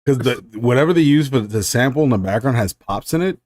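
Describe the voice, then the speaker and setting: A man hosting a talk show, chatting casually with friends, rambling, swearing freely and quick to laugh. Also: mid-range voice, lively intonation, darkish tone. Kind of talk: casual group chat.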